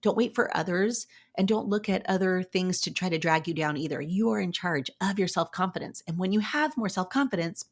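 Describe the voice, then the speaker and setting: A woman's voice: lowish voice, a little fast, few pauses. Upbeat, chatty woman podcast host. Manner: upbeat, chatty, encouraging, with playful acted-out asides. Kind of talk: casual motivational talk.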